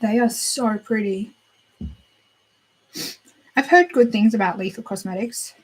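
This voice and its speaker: A woman's voice: on the high side, measured pace, breathy edge, rough recording. A young woman hosting a beauty channel, chatting casually and gushing over new makeup as she browses and thinks aloud. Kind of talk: casual chat.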